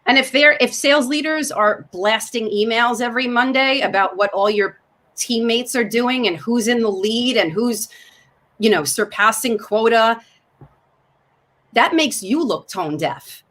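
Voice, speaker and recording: Emphatic New York woman, fairly high voice. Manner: emphatic, fast and animated when excited. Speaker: sales coach and guest. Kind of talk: animated talk-show conversation.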